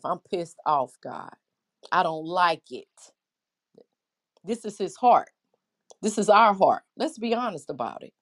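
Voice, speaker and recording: A middle-aged woman preaches through a scripture passage with a fairly low voice. She is impassioned but conversational, stopping to ask her listeners how many of them have been there too. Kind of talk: preaching a Bible lesson.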